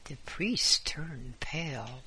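A man narrates a story aloud in a measured, dramatic manner. His voice is bright and breathy, and he takes his time over each line. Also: mid-range voice, lively intonation. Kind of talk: story reading.

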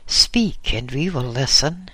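A man reading the part of a calm, kindly old male hermit in an audiobook. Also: medium pitch, takes it slowly, husky, dry recording, full character voice.

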